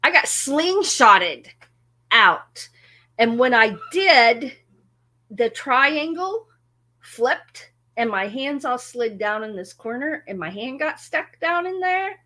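A woman with a bright, fairly high voice tells a story in a relaxed, unhurried way. She laughs often and pokes fun at herself while chatting with her audience. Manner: laughs often, animated and self-mocking. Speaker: music channel host. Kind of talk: casual storytelling to a live audience.

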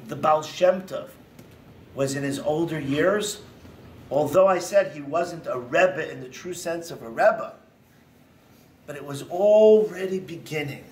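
A man lectures a congregation as a rabbi, building points through emphatic repetition and lively storytelling. His voice sits fairly high. He is heard from a distance in a synagogue hall.

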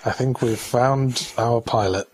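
A man's voice: medium pitch, measured pace, slightly rough, low-quality recording. Wry English man with a received-pronunciation accent. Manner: wry, dry banter. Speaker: co-host. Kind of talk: casual game commentary chat.

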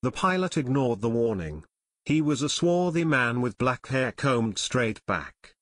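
A man with a mid-range voice narrates an adventure audiobook from a script, telling the story in a steady, measured manner. It's studio-quality audio without echo.

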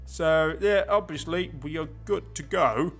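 A man's voice: a little high, a little slow, vocal fry, fairly bright tone. Chatty man with game music. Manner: chatty, sarcastic, muttering to himself. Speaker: gameplay commentator. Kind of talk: casual let's play commentary.

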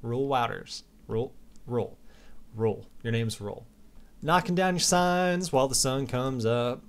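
A man hosting a casual gaming video, chatty and playful, reading out player messages and shouting now and then. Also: medium pitch, lively intonation, normal speed, clean tone. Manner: chatty and playful, bursts into yells. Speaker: Minecraft server host reading player messages.

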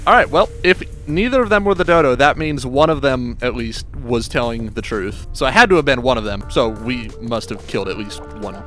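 A man's voice: mid-range voice, fairly quick, hardly any pauses, soft background music. A man chatting casually and jokily while streaming a multiplayer game. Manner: excitable, jokey, laughing. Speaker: gamer streamer. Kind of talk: casual gameplay chat.

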